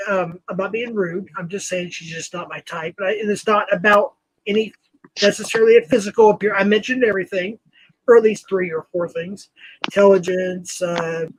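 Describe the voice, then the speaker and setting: A man's voice: high-pitched, steady tone, brisk, low-quality recording. A man in his fifties hosting a live stream, chatting in a rambling way and talking straight to his viewers. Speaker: host. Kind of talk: casual live-stream chat.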